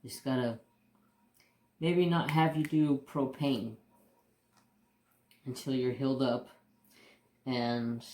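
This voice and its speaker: A man's voice: medium pitch, fairly even intonation, takes it slowly, pauses often, a little mellow. A man hosting a crafting channel tells stories in a casual, rambling way while he works at his craft table. He talks candidly, swears mildly and often restarts his sentences. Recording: roomy echo.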